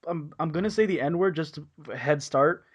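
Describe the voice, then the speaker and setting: A man's voice: a little high, normal speed. A young man co-hosting a casual podcast over a voice call, reading crude internet stories aloud and breaking into giggles. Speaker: podcast co-host.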